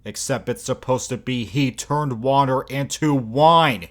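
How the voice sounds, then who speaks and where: A man's voice: mid-range voice, measured pace. A man reviewing video clips in mocking, exasperated commentary, swearing often. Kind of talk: sarcastic commentary over clips.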